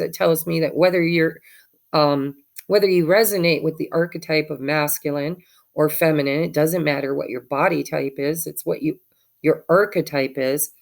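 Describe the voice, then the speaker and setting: A woman tarot reader gives a chatty, encouraging reading full of spiritual advice while she has the hiccups. Her voice sits low, with vocal fry.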